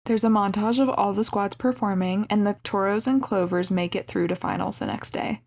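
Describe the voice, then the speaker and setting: A woman's voice: mid-range voice, animated, fairly quick, gravelly, a little mellow. A young woman co-hosting a movie podcast, narrating the plot in a casual recap with light laughs. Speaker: podcast co-host.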